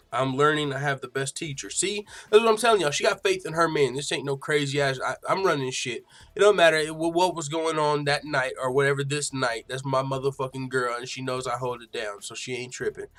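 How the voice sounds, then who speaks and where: A man's voice: mid-range voice, fairly bright tone. A slightly tipsy man hosting a live fight reaction stream, rambling and swearing in casual, boastful talk. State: a little tipsy. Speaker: livestream host reacting to fights.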